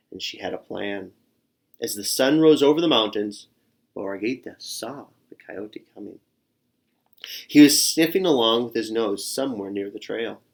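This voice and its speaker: A man reading a children's picture book aloud, expressive and adding little sound effects. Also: fairly low pitch. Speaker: storyteller.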